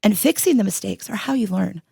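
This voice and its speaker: A woman, a writing professor and tutor, chatting casually on a podcast and telling lively stories. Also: mid-range voice, fairly quick, gravelly, breathy edge, no room sound, studio quality. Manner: animated storyteller, puts on voices when quoting.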